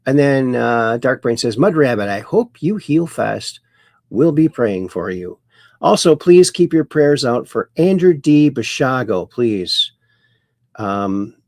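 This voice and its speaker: A man hosts a casual livestream, chatting folksily and reading out viewer comments with little jokes. His voice is mid-pitched and gravelly with a touch of fry. The room sounds dry and close. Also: a little mellow, no room sound. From Ireland. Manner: chatty, folksy, reads comments aloud with wordplay. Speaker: show host reading live chat.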